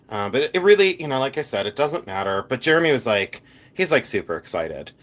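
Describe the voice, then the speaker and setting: A middle-aged man talking off the cuff on a home live stream, sorting and showing off his finds. His talk is playful and scattered, full of asides, restarts and quick laughs. His voice sits at an ordinary middle pitch. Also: sing-song, a bit bright. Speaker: live-stream jewelry reseller. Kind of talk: casual live-stream chat.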